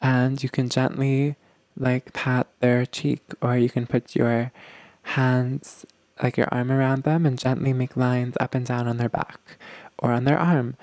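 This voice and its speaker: A man with a gravelly, creaky voice teaches partners how to comfort each other. He acts out small exchanges by lifting his voice. The sound is dry and close. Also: medium pitch, little pitch movement, unhurried, a little mellow, dry recording. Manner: acts out short dialogues with a lifted voice, many fillers. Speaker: relationship coach. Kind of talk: teaching relationship skills.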